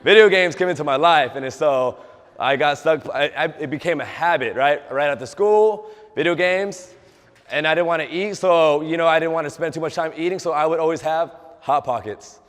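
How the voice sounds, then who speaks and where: A man's voice: a little high, moderate pace, a bit bright. A young man speaks to a room as a fitness trainer, chatting through his own story and turning to quiz his listeners. He acts out quoted dialogue in a slightly raised, upbeat voice. His talk rings with the long reverb of a hall. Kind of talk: motivational talk to a live group.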